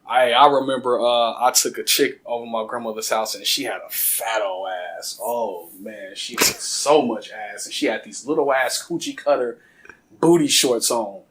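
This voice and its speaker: A man telling funny stories as a guest on a casual talk show, animated and laughing often. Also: mid-range voice, normal speed, slight background noise. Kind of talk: casual podcast storytelling.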